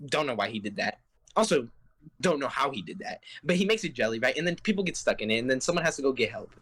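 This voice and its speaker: Talking fast with big pitch swings, this young podcast co-host has a medium-pitched, fairly bright voice with a breathy edge. He rambles through a video game's story in run-on sentences, constantly adding "right?" and "bruh."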